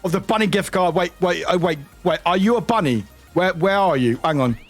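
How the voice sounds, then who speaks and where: A tired British man streaming live, chatting in a rambling, excitable way and swearing now and then. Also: sits high, brisk, faint music behind. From United Kingdom. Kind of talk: casual livestream chat.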